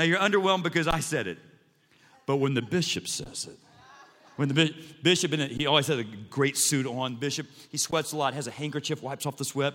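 A male pastor preaching a sermon in an animated, self-mocking, humorous way. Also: fairly high pitch. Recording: long reverb in a large church hall.

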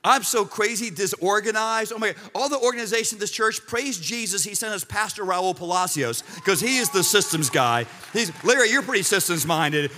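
A middle-aged male pastor delivers a sermon with a high, bright voice. He tells his stories animatedly, with humor and asides to the congregation. The sound rings with the long reverb of a church sanctuary. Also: expressive, fairly quick, few pauses.

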